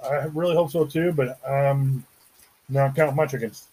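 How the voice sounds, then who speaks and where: Husky easygoing man. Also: mid-range voice, steady tone, moderate pace, warm tone, poor audio. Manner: easygoing, agreeable, wry. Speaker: podcast co-host. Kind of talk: casual chat.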